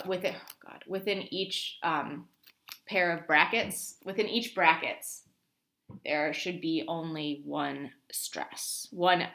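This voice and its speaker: A woman's voice: low-pitched, a bit bright. A woman instructor walking students through a lab task on screen, talking informally with many ums and restarts. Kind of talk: screen-recorded lab walkthrough.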